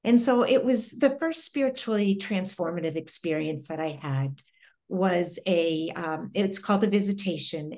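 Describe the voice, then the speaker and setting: Reflective woman with a low voice. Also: darkish tone. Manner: earnest, reflective, halting with pauses and restarts. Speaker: guest. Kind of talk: interview, personal storytelling.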